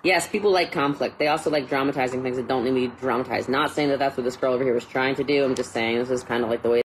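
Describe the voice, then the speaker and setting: Low-voiced rambling woman, slight noise. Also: fast, low-quality recording. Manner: rambling, chatty, full of fillers. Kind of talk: casual vlog chat.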